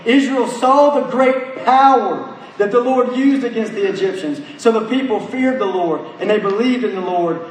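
A man's voice: high-pitched, slight background noise. A man preaching a sermon, asking rhetorical questions and reading scripture aloud with emphasis. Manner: emphatic, rhetorical questions, reads verses slowly. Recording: echoey hall, voice heard from a distance.

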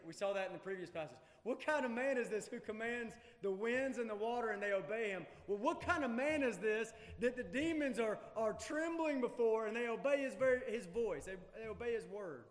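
A male pastor preaching a sermon in a church, emphatic, swinging from loud urgency to hushed intensity. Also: sits high, expressive, a little fast. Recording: long hall reverb.

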